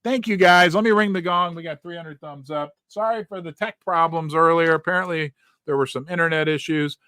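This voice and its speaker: A middle-aged man hosting a livestream in a casual chat style, reading viewers' names and places aloud in quick, animated bursts. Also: a little high, clean tone, no room sound. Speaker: livestream host.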